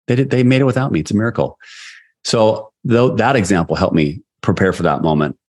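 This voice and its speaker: A man in his forties, a sales leader, telling a personal story in an interview, acting out quotes with lively energy. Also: lowish voice, brisk. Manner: animated, acts out quotes. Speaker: guest, sales leader and coach.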